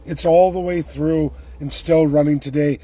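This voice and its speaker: A man's voice: a little high, steady tone, moderate pace, warm tone. A man delivering a heated, emphatic and sarcastic political rant, speaking straight to his viewers. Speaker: political commentator.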